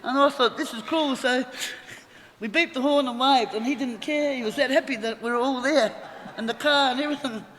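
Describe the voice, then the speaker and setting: Middle-aged Australian woman, very high voice, rambling funny eulogy in an echoey hall. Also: brisk, fairly bright tone. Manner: chatty, rambling, laughing through stories. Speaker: eulogy speaker. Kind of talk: funeral eulogy, anecdotal storytelling. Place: funeral hall. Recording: echoey hall with faint noise.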